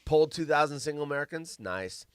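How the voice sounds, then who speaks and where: Guy hosting a chatty show, kinda high voice, jokey and rambling, trips over words reading stuff out. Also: animated, fast talker. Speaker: show host. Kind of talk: casual chat reading news stories aloud.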